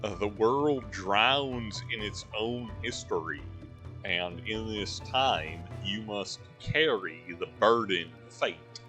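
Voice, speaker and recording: A man voicing a cryptic male ring spirit, drawling like a surfer dude and speaking slowly and solemnly. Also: medium pitch, expressive, bright, forceful tone, soft background music.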